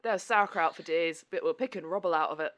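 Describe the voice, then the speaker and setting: A woman voicing an old male former miner, a rambling villager telling a tale in a gruff voice. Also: fast, fairly bright tone, close to an everyday voice. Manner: rambling storyteller, drops into a low rough voice. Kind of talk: improvised character play.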